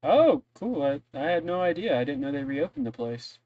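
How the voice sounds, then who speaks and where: A man's voice: on the high side, big pitch swings, normal speed, no echo, phone-quality sound. A man voicing a friendly, gossipy woman innkeeper who rambles with many fillers. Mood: chatty.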